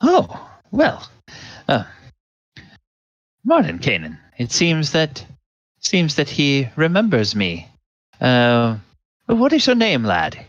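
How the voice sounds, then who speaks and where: A man voicing an excitable old male wizard who gets flustered and amazed, in a tabletop game. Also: fairly high pitch, takes it slowly, long pauses, no echo, lo-fi sound, voice pushed up, heavily acted. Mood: curious. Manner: fussy, flustered bursts of excitement.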